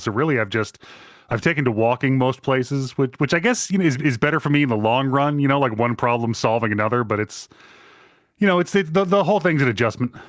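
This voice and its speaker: A man doing a put-on British accent as a self-mocking American expat, rambling and halting. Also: mid-range voice, fairly bright tone, no echo, clean studio sound, close to an everyday voice. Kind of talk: comedic improvised bit.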